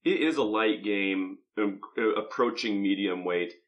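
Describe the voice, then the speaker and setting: A man's voice: fairly low pitch, unhurried, lo-fi sound. A man co-hosting a board game review, explaining the rules in a casual, self-deprecating way. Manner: explanatory, self-deprecating about his accent.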